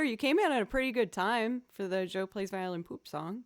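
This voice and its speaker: A woman's voice: medium pitch, expressive, fairly quick. A woman chatting casually with viewers on a live stream, playful and goofy. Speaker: streamer and violinist.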